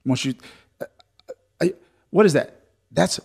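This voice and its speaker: A man preaching a sermon as pastor, swinging between loud, lively exhortation and softer storytelling. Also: on the high side, measured pace, creaky, slightly rough.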